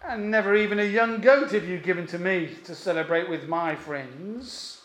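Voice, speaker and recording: Man doing a bitter older brother, slow dragging complaint, high-ish voice, echoey room. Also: a bit bright. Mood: resentful.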